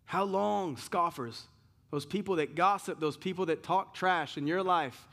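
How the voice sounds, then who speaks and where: Male pastor, sermon, slightly higher voice, emphatic but conversational. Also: steady tone, normal speed, fairly bright tone. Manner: rhetorical questions, emphatic and conversational with asides.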